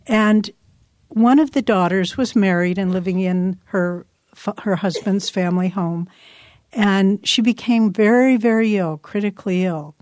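A woman spiritual teacher giving a meditation talk, telling stories earnestly and slowing her words down for emphasis. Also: medium pitch, a little mellow, dry recording, clean studio sound.

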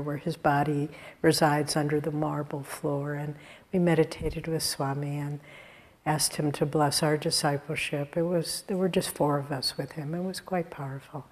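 A woman giving a sermon-style talk, telling spiritual stories in an earnest way with soft laughs. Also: deep voice.

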